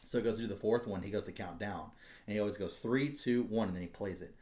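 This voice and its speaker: Profane, animated podcast guy. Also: fairly low pitch, fast talker. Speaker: podcast host. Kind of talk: casual chat. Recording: roomy echo.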